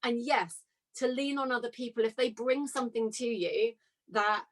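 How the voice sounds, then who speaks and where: Woman, podcast host, enthusiastic, animated, casual chat, a bit high-pitched. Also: moderate pace.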